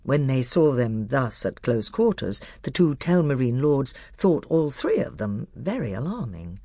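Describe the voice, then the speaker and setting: Gravelly, husky male audiobook narrator. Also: medium pitch, measured pace, no echo, studio quality. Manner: expressive storytelling.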